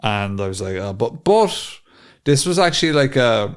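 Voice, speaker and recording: A man's voice: mid-range voice, sing-song, normal speed, clear, resonant tone. A young man co-hosting a podcast, chatting casually, rambling and swearing freely with frequent laughs. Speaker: podcast co-host. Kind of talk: casual chat.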